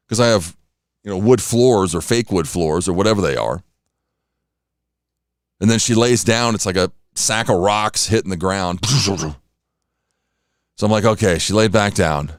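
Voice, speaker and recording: A man's voice: on the low side, animated, moderate pace, pauses often, no echo, studio quality. A tired man hosting a casual morning radio show, rambling and self-deprecating, acting out little pleas. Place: radio studio.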